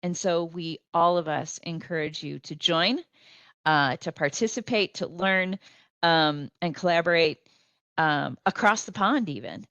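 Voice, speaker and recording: A woman's voice: on the low side, measured pace, a bit bright, no echo, lo-fi sound. A woman speaking on a panel over a video call from home, hesitant with many ums and restarts. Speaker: panelist on a remote link. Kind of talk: panel discussion.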